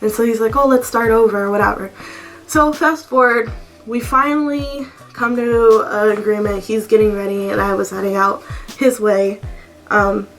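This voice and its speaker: A woman's voice: mid-range voice, steady tone, moderate pace, faint music behind. A woman vlogger telling a storytime story in a blunt, exasperated way, full of "like". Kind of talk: storytime vlog.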